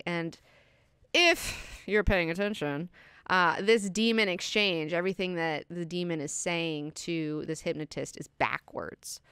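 Woman host, young adult, casual book-club recap, swears freely, smooth voice, dry close sound. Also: on the low side, a little slow, no echo. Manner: profane, animated retelling with fillers. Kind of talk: casual book discussion lesson.

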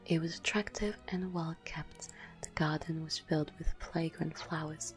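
A woman reading a classic story aloud in a slow, hushed ASMR whisper. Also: low-pitched, fairly even intonation. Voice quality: breathy whisper. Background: soft classical music.

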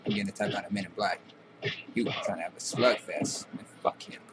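A man's voice: on the low side, fast, heavy background noise. A young man giving casual, profane trash-talking commentary while playing a video game. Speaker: gameplay commentator.

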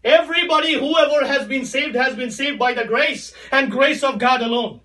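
A man preaching with a strikingly high, bright voice, swinging between hushed lines and shouting. He repeats his phrases for emphasis. He sounds set back from the microphone. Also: normal speed, recorded from a distance. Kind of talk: sermon.

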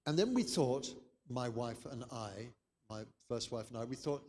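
A man's voice: mid-range voice, animated, moderate pace, darkish tone, in a large hall. An older man from England, giving a chatty, anecdotal conference lecture. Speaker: keynote speaker.

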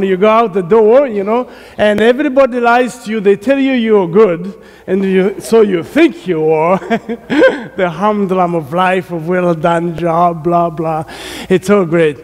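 A middle-aged man with an African accent preaching a sermon as a guest preacher, jovial and often laughing between remarks. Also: high voice. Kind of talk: sermon with prayer. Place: large church sanctuary. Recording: long reverb of a church hall.

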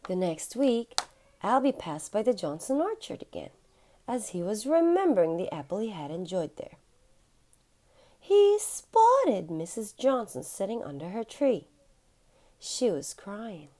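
A mother reads a children's storybook aloud, stretching out words in a sing-song delivery. Her pitch leaps around with lively expression from a middle register. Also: unhurried. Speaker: mother reading to her son.

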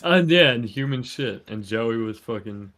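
A man's voice: medium pitch, lively intonation, unhurried, fairly bright tone. A young man co-hosting a casual late-night podcast over a voice call, joking around, laughing often and swearing casually. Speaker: podcast co-host.

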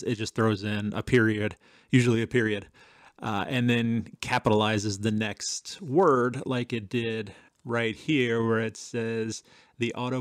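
A man's voice: mid-range voice, dry recording, studio quality. Man hosting a casual tech demo. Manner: conversational, chatty, with fillers. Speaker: tech channel host.

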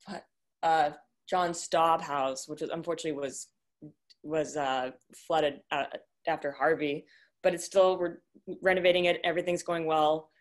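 A young woman with a lowish voice speaks over a video call from home. Her talk is halting and full of fillers, with an emotional catch as she recalls her grandmother and reads a eulogy. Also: fairly even intonation. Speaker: granddaughter sharing memories. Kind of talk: casual remarks and reading a eulogy.

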